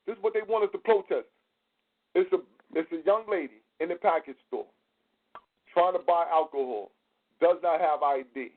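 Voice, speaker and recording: A man hosting a casual podcast, telling stories in a profane, animated way. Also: on the high side, normal speed, pauses often. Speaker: host. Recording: tinny phone line.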